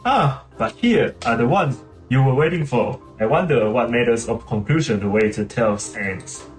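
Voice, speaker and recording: A man's voice: mid-range voice, expressive, moderate pace, natural voice. Vain, sulky female fairy, read aloud by a male streamer; plain delivery with stumbles, roomy sound. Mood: grand. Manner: reads the lines aloud plainly, with slips. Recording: roomy room with game music.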